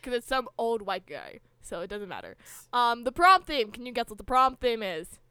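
Bright-voiced joking young woman. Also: on the high side, big pitch swings, moderate pace, clean tone, dry recording. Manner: joking, blunt, chatty. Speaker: podcast co-host. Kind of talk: casual recap chat.

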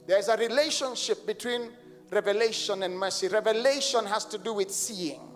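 High-voiced preacher shouting in a stadium. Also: male voice, normal speed. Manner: fervent preaching, builds to shouting, leads call and response. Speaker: pastor. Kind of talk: sermon. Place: large stadium crusade. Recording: long stadium reverb with music behind.

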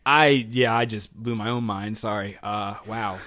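A man co-hosting a casual podcast, excitable and quick to laugh as he thinks out loud. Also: fairly low pitch, no room sound. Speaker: podcast co-host.

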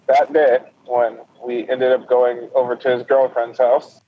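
A man's voice: medium pitch, little pitch movement, unhurried. A young man casually telling a crude, profane story to friends, laughing often and acting out what people said. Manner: profane, laughing, acts out quotes. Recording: lo-fi with loud noise.

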